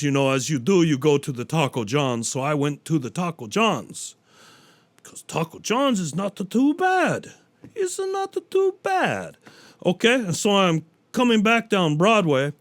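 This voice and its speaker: Brief: a profane, rambling podcast host with a slightly high voice. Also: male voice.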